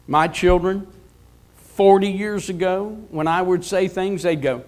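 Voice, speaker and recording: Old guy preaching, pretty high voice, punchy and repeats himself a lot. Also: measured pace. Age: 70s. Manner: emphatic, repetitive preaching with call-and-response. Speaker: pastor. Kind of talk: sermon.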